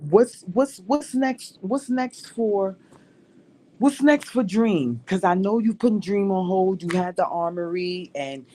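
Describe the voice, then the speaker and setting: Woman host chatting on a podcast, blunt and slangy, medium pitch. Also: a little slow, mellow. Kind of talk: casual podcast chat.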